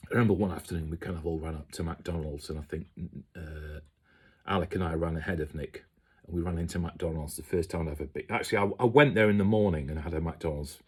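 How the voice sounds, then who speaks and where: A man's voice: low-pitched, fast talker, breathy edge. A man rambling through his memories of kitchen work as a chef, chatty and casual, often slipping into quoted voices. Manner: chatty storyteller, mimics people in quotes.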